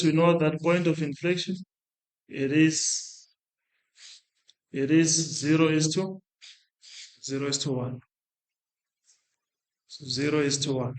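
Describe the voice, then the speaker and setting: A male maths lecturer with a fairly high voice explains a calculation step by step in a classroom. He thinks aloud, stopping to restart and correct himself. The room is echoey. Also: fairly even intonation, slow, long pauses. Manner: talks through working aloud, restarts and self-corrects.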